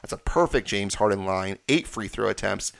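Low-voiced man breaking down basketball. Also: expressive, gravelly, no echo. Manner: confident, rapid-fire breakdown of stats. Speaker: podcast host. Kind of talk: casual sports podcast analysis.

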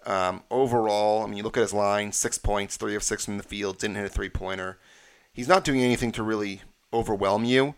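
A man's voice: lowish voice, steady tone, fairly quick, smooth, dry recording. A man hosting a sports podcast, confidently breaking down games and stats in casual talk. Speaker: podcast host.

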